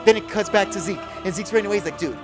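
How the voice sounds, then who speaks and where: A man on a podcast excitedly recapping an anime episode, swearing a lot and acting out characters' lines in a lower voice. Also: racing, music in the background. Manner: profane, acts out character lines in a low voice. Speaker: podcast co-host.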